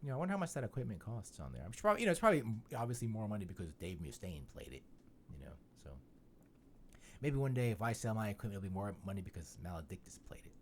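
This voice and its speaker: A man's voice: on the low side, big pitch swings, fast talker, slight background noise. A man hosting a podcast in casual chat, rambling and joking with lots of "you know" fillers. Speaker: podcast host.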